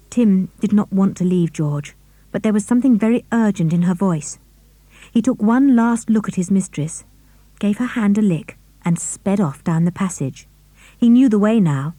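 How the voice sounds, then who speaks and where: A woman reading a children's adventure story aloud with expressive narration. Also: medium pitch, normal speed, no echo. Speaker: audiobook reader.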